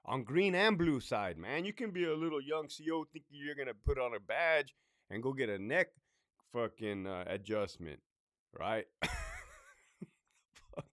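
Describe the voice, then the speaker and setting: A man's voice: mid-range voice, expressive, a little slow, long pauses, a bit bright, dry recording, studio quality. A man and former prison officer who hosts his own channel, talking casually and bluntly, swearing often and tagging his points with "right?". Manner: blunt, profane, conversational, with frequent "right?" asides. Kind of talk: casual talk to camera.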